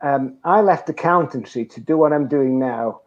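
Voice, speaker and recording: A man's voice: mid-range voice, normal speed. An older man giving networking advice in an interview, talking emphatically and telling anecdotes. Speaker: guest, networking trainer. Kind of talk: conversational interview. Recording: dull lo-fi sound.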